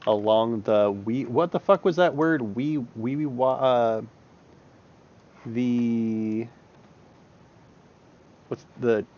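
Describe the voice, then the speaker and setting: A man chatting casually and thinking aloud while he works, with plenty of fillers and swearing. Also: mid-range voice. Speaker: map-building streamer. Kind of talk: casual chat while working. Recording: muffled audio with faint music.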